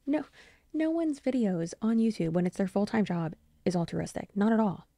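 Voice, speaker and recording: A young adult woman hosting a commentary vlog, answering criticism in a measured, pointed way. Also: medium pitch, very animated, vocal fry, warm tone, no echo. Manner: measured, pointed rebuttal with occasional dry laughs. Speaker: YouTube commentary host.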